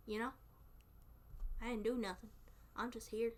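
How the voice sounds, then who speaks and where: A woman's voice: fairly high pitch, level tone, moderate pace. A young woman with a Southern US accent, chatting casually with her live stream chat, playful and often laughing.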